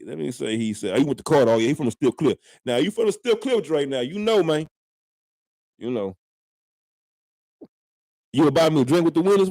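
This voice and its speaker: Animated man trash-talking on a live stream. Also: medium pitch, no echo, clean studio sound. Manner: animated trash talk, drawling repeats. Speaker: live-stream host, sports fan. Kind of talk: casual live-stream banter.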